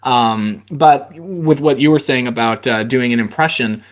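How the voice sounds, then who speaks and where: A man's voice: medium pitch, a little slow. A male podcast host with a mid-range voice, chatting casually with a guest. He hesitates often and fills gaps with ums and uhs as he thinks aloud. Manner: hesitant, lots of fillers. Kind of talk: casual interview chat.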